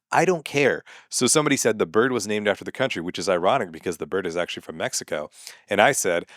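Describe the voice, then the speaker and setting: A man's voice: on the low side, no echo. Exasperated man ranting in a dry room. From United States. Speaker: comedian. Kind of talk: comedic monologue. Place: home sun room.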